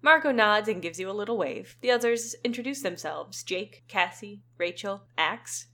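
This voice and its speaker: A woman co-hosting a show, reading a story aloud in an animated way with wry asides. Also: medium pitch, moderate pace. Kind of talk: comic book reading.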